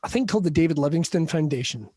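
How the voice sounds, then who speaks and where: A middle-aged Scottish man, a comedian guest on a podcast, tells animated stories, laughs often and slips into quick character voices. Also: a little high, husky, no echo. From West Scotland. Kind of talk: casual podcast chat.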